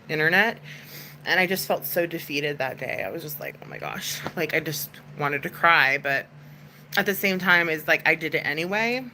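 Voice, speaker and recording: A woman's voice: low voice, sharp tone, slight background noise, rough recording. A woman hosting a casual livestream chat, talking to viewers in a chatty, comforting way with lots of "like" fillers.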